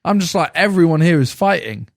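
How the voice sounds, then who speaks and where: A man's voice: a little high, fairly quick, vocal fry, no echo, clean studio sound. Young man telling a story. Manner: animated anecdote telling, acts out quotes. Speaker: podcast co-host. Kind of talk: casual storytelling chat.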